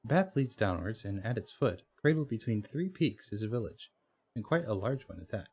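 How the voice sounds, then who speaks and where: A man's voice: on the low side, expressive, normal speed, a little mellow, slightly rough. A man hosting a let's play, reading the game's story text aloud with hesitations and frequent self-corrections. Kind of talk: reading game text aloud while playing.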